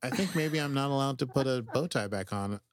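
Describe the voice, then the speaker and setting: A man co-hosting a podcast, recapping an episode in excitable, rambling casual chat full of "like". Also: medium pitch, fairly quick, no room sound. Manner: excitable, rambling, heavy use of "like". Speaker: podcast co-host.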